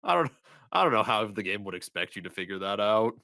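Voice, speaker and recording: Bright, lower-voiced man telling a story. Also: big pitch swings, quick pace, creaky, no room sound, studio quality. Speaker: podcast co-host. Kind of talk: casual chat.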